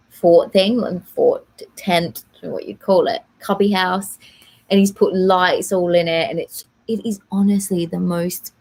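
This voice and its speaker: A young woman hosts a casual live Q&A from home, talking in a chatty, rambling way full of fillers. Her voice sits a little on the low side. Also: creaky, a little mellow. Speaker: live stream host answering viewer questions.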